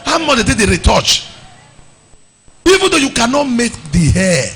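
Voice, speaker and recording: A man with a Nigerian accent preaching to a youth meeting, animated, slipping into pidgin and shouting or sing-song lines. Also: very high voice, measured pace, gravelly, breathy edge.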